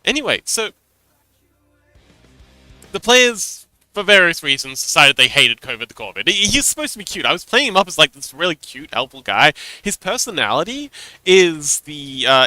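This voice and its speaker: Male streamer, game master, casual and animated storyteller, slightly high voice, bright tone. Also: normal speed, no room sound, faint music behind. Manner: animated storytelling, laughs often. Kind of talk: casual livestream chat.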